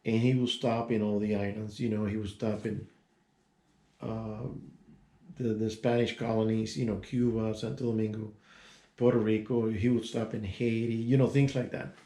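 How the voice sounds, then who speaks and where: Older man in his sixties with a gravelly, creaky voice. Casual storyteller who rambles and restarts. Echoey room. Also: lowish voice, flat delivery, moderate pace, dark tone. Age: 60s. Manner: rambling, digressive, many restarts and asides. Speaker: vlogger telling a personal story.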